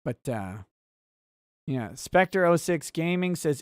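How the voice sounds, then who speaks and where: A man hosting a relaxed livestream, reading viewer chat aloud and answering in a rambling, easily sidetracked, wry way. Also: on the high side, slow, dry recording, clean studio sound.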